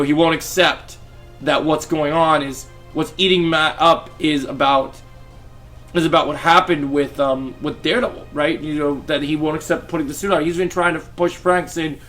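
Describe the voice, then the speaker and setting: A man's voice: a little high, fairly bright tone. Enthusiastic male TV reviewer. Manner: enthusiastic, rambling. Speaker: TV show reviewer. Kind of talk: casual episode review.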